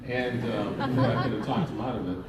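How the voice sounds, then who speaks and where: Filmed on an audience member's phone in a big, echoey indoor convention hall, the audio is distant, dull, and carries a faint hiss plus a loud crowd. On the panel, an older film director from Canada talks fast in a steady, mid-range voice, chuckling through rambling anecdotes.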